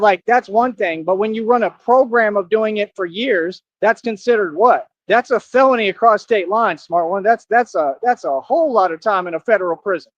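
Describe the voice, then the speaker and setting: Streamer, male, high voice, dry close mic, confrontational and preachy. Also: no room sound, highs cut off. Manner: combative, preachy, repeats rhetorical questions. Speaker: live streamer. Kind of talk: livestream rant reading comments.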